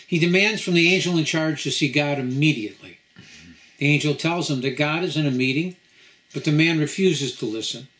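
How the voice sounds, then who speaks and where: A man, a rabbi, giving a lecture at a home gathering, telling a parable and then teaching in a measured, storytelling way with pauses. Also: on the high side, fairly bright tone. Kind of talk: sermon-style lecture.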